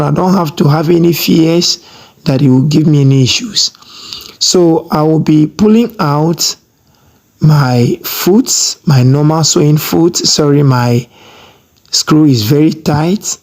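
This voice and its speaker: A sewing tutor walks through a fabric project step by step at an unhurried pace. The speech is instructive and emphatic, with a habit of pausing to ask whether the viewer has seen each move. The pitch sits in the middle range. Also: a little mellow. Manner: slow, repeats "have you seen?" often.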